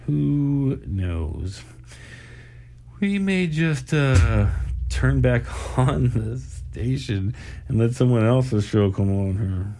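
A man's voice: mid-range voice, expressive, very slow, gravelly, warm tone. A man hosting a live stream, rambling casually with apologies and laughs.

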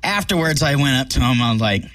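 A man's voice: mid-range voice, animated, quick pace, a bit bright, no room sound, recorded from a distance, soft background music. A man telling a long story in casual chat, rambling with many fillers and swearing freely.

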